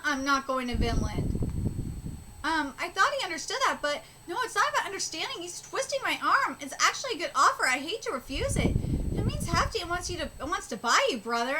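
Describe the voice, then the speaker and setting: A woman streaming a live manga reaction, reading aloud and talking excitably, swearing and stammering as she goes. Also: extremely high pitch. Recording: steady background noise.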